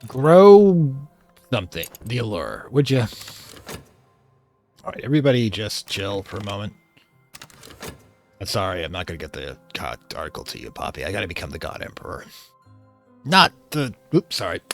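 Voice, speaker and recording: A male let's-play host talking over his gameplay in a casual, joking way. His voice swings up and down in pitch as he hams up mock-villain moments. Faint music plays behind him. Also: big pitch swings, normal speed, long pauses. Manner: playful, slips into mock-villain theatrics.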